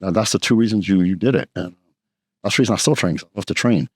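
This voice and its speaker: A man's voice: lowish voice, husky. A man, a podcast guest telling blunt, profane stories in casual chat. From Texas. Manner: blunt, profane, fast anecdotes. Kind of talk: casual storytelling.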